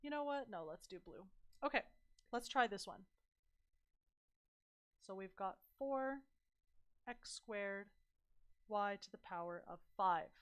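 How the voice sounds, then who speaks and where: A young woman tutoring math on a livestream, chatty and encouraging, her voice slightly hoarse. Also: mid-range voice, expressive, takes it slowly, pauses often, a bit bright. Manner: chatty, encouraging, addresses viewers as "you guys".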